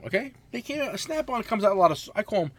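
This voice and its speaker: A man in his forties co-hosting a casual podcast, telling loud, profane stories. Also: sits high, very animated, fast talker. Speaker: podcast co-host, mechanic.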